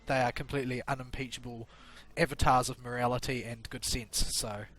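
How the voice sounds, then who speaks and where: Brief: man, mid-pitched, sardonic gamer on a headset, dry wit. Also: flat delivery, brisk, fairly bright tone. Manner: dry, sarcastic grumbling. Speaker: gamer on voice chat. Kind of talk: casual gaming chat.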